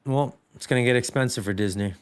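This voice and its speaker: Male podcast co-host, clear resonant tone, casual rambling film chat. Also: medium pitch, fast talker. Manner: rambling, full of fillers and restarts. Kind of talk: casual movie discussion.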